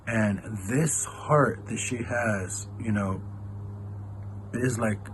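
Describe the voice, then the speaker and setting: A man's voice: fairly low pitch, slow pace, noisy background. A man, a church elder, gives a casual devotional talk and retells a scripture passage in everyday, conversational speech.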